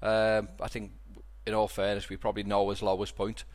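A Liverpool man with a Scouse accent hosts a casual podcast, telling rambling stories full of restarts and repeated words. His voice is fairly low, his delivery completely flat, and he speaks a little fast.

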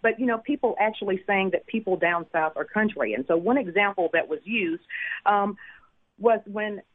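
A woman from Mississippi with a Southern accent, an author and former news anchor, talking brightly and telling stories as a guest in an interview by phone. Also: mid-range voice, normal speed. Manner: bubbly, upbeat, animated storyteller. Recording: tinny phone line.

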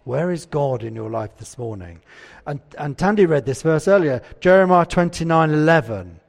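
Preacher in a reverberant church. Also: male voice, fairly high pitch, expressive, normal speed, gravelly. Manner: conversational, asks the congregation questions. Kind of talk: sermon.

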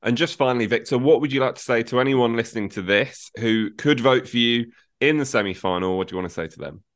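A man's voice: mid-range voice, fast. A man interviewing a guest on a podcast, often repeating words as he frames his questions. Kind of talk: casual interview.

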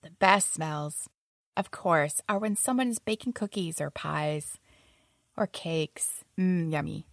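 A woman's voice: deep voice, takes it slowly, no room sound, studio quality. A young adult woman casually telling stories about her roommates, often laughing as she talks. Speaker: storyteller.

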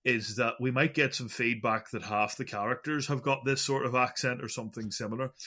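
A man's voice: mid-range voice, steady tone, a little fast, pushed and bright. A man co-hosting a casual gaming podcast, rambling and self-deprecating with frequent stammered restarts. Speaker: podcast co-host.

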